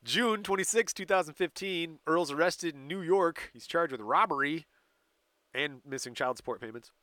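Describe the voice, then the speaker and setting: Guy with a bright voice telling a story in a dry little studio, laughs a lot. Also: a little high, expressive, normal speed, no echo. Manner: laughs often while recounting dates and events. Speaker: podcast co-host telling a story. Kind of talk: casual chat.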